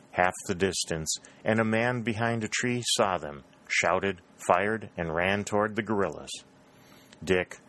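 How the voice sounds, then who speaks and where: A man reading an adventure novel aloud as audiobook narration, in a steady storytelling manner that rises for the shouted lines. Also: sits low. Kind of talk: scripted narration.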